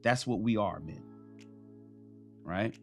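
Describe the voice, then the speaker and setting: A man's voice: lowish voice, slow, vocal fry, a little mellow, faint music behind. Blunt, profane man lecturing with emphasis. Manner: emphatic, repeats key phrases for stress. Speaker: host giving dating advice to men. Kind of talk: blunt, profane motivational talk.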